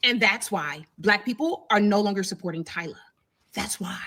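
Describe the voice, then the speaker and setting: A woman's voice: medium pitch, animated, a little fast, sharp tone. A woman giving an opinion commentary in an assertive, explanatory way.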